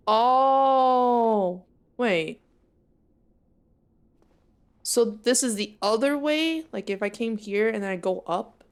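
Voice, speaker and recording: A young woman streaming a game live, reacting excitably and laughing often as she plays. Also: medium pitch, moderate pace, hardly any pauses. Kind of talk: live gameplay commentary.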